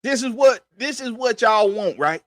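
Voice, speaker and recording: High-voiced man on a profane sports rant. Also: lively intonation, moderate pace, fairly bright tone, no room sound, studio quality. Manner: profane, emphatic, repetitive ranting. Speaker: podcast host.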